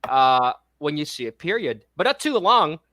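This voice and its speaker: A woman's voice: low-pitched, big pitch swings, normal speed, fairly bright tone, no room sound, clean studio sound. A woman with a Filipino English accent co-hosting a playful online reading lesson as a tutor, cheerful and giggly as she reads quiz items.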